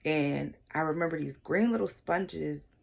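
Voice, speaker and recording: A young woman vlogger telling a personal story in a candid, casual way, brushing details aside with quick throwaway remarks. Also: deep voice, creaky, a little mellow, breathy edge. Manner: casual, shrugging asides like "blah, blah" and "whatever".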